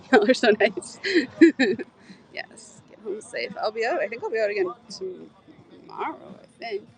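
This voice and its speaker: With poor audio, a livestreamer chats with viewers as she walks a city street at night, holding the phone near her face. Her voice is on the high side and sing-song, measured in pace, and she rambles and laughs easily.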